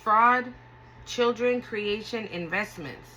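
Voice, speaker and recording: A woman's voice: fairly high pitch, slow, sharp tone, a little hiss or hum, low-quality recording. A woman giving a casual tarot reading, talking bluntly and emotionally with lots of swearing. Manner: blunt, profane, emotional and earnest. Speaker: tarot reader.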